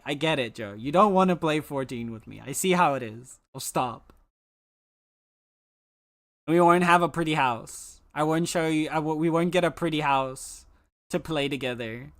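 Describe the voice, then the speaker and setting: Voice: mid-range voice, a bit bright. A live streamer chatting casually with viewers, playful and teasing, with mock-dramatic complaints. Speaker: live streamer talking to chat.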